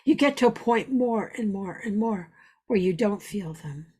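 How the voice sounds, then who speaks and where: A woman's voice: mid-range voice, expressive, unhurried, darkish tone, husky. A woman spiritual teacher giving an earnest, repetitive teaching talk, weaving in personal stories.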